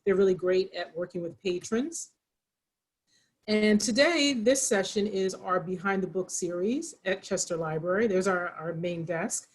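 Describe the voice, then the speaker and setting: A woman's voice: medium pitch, expressive, measured pace, breathy edge, rough recording. A woman with a Pennsylvania accent hosting a library video call, chatty and rambling with frequent restarts. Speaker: library program host. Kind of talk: casual moderated video call.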